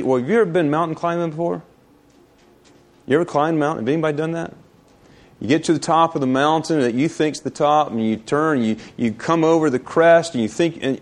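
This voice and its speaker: A male pastor preaching a sermon, building through emphatic rhetorical questions and slowing down to stretch key phrases. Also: mid-range voice.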